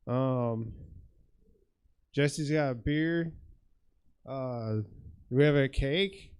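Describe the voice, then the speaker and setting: A man headlining a stand-up show on a theater stage, working the crowd in a halting way and asking the audience questions. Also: mid-range voice, darkish tone, clear, resonant tone.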